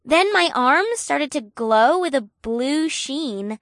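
A woman's voice: sits high, expressive, slow pace, no echo, studio quality, heavily acted. A woman playing an eager, curious young woman scientist in an audiobook, asking question after question. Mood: wondering. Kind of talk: audiobook character voice.

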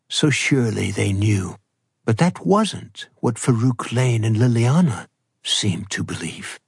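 A male audiobook narrator with a husky, slightly breathy voice at a medium pitch. He tells the story in a measured, even way. The recording is close and dry. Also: no room sound. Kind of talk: scripted narration.

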